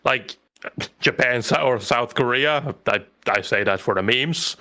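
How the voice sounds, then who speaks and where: Man, bright tense tone, mid pitch, rambling casual co-host. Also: a little slow. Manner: laughs often, swears, rambling. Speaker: podcast co-host. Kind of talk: casual chat.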